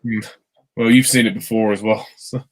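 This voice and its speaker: A man's voice: on the low side, steady tone, normal speed, crowd noise. A man giving casual commentary on a film, mocking and bemused, laughing a lot.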